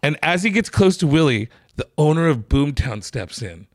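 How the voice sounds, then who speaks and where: Male comedian host; higher pitch, profane, animated, acts out quotes, dry close recording. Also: moderate pace, dry recording. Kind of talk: casual storytelling chat.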